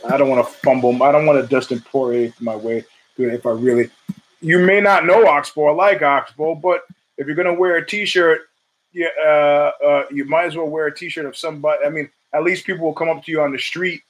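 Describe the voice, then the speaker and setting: A man's voice: a bit bright, low-quality recording. A man hosting his own show, talking casually in a rambling monologue full of asides, restarts and swearing, acting out quotes in a raised voice. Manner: acts out quotes in a raised pitch. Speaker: podcast host.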